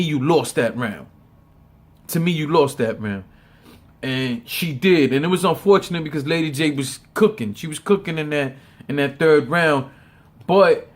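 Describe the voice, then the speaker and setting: A man with a voice pitched a touch above the usual talks through a battle rap in a loose, profane, off-the-cuff way. He stumbles over repeated words and laughs often as he gives his opinion. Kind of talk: casual opinion commentary.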